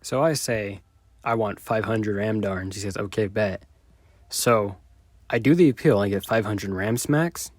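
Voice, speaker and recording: A man retelling a chat exchange in a sarcastic, deadpan commentary style. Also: on the low side, no echo, studio quality. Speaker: video creator.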